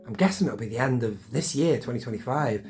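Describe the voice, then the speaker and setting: A man's voice: medium pitch, lively intonation, a little fast, darkish tone, soft background music. Chatty collector guy unboxing. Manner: chatty, enthusiastic, talks to himself while unboxing. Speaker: collector vlogger. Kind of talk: casual unboxing chat. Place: home collection room.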